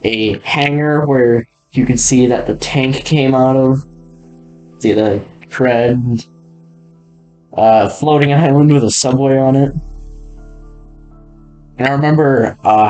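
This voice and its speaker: A man's voice: medium pitch, steady tone, slow, pauses often, darkish tone, faint music behind. A man giving a casual, rambling walkthrough, laughing often and trailing off mid-sentence. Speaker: video creator touring an old game world.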